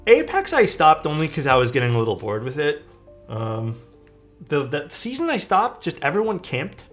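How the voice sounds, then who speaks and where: A man's voice: fairly high pitch, huge pitch swings, normal speed, fairly bright tone. A young man streaming from his desk, telling a rambling story in a casual way, with lots of "like" and some swearing. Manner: rambling and chatty, peppered with "like" and swearing. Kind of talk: casual storytelling while building a keyboard on a live stream. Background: faint background music.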